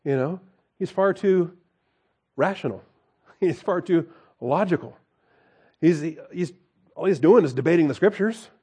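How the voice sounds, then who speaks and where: A man's voice: sits high, expressive, a little slow, pauses often, dark tone, slightly rough. A man teaching a Bible study in a folksy, conversational way, reading scripture aloud and breaking off to comment with a chuckle.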